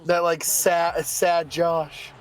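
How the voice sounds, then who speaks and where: A young man guest on a game stream, chatting casually in a halting, giggly way that often trails off. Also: a little high, flat delivery. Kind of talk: casual chat.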